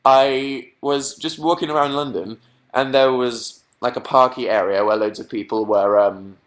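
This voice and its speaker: A man's voice: mid-range voice, fairly even intonation, moderate pace. A man hosting a casual live stream from home, chatting in a rambling, self-mocking way into a webcam mic.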